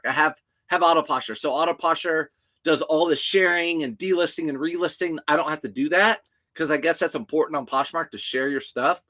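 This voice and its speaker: A young man chats casually on a livestream, reading viewers' questions aloud and answering each one plainly. His voice sits a little high and sounds bright and forceful. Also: a little fast. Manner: chatty, reads out viewer questions and answers them directly. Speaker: reseller livestream host.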